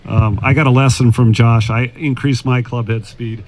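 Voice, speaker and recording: A man's voice: medium pitch, fairly even intonation, moderate pace. A former tour golfer, a man, giving putting advice in a casual, anecdotal storytelling way, speaking outdoors at a golf club. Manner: anecdotal, acts out quoted dialogue.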